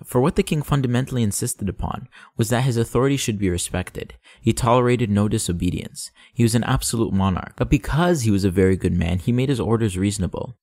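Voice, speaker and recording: A man reading a classic story aloud as an audiobook narrator, calm and measured. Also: on the low side, dry recording, studio quality.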